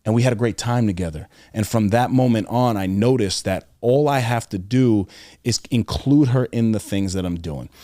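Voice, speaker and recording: A young man talks earnestly as a podcast guest. His voice sits somewhat low, and the sound is close and dry. He tells stories in a loose, conversational way, often pausing on fillers and restarting his sentences. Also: a little mellow, dry recording. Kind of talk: casual interview conversation.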